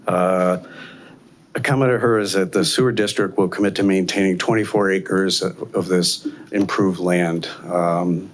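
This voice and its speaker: An older man from Ohio giving a blunt, halting public comment at a city council meeting, speaking at a podium microphone. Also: deep voice, fairly even intonation, a little hiss or hum. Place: council chamber.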